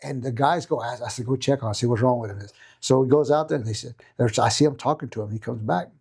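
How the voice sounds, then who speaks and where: A middle-aged man tells a story as a podcast guest, his voice husky and a little rough. He talks fast and keeps acting out what other people said, often repeating himself as he goes. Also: mid-range voice. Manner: animated, acts out quoted voices, repeats himself. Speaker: podcast guest, martial arts coach. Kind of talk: casual storytelling.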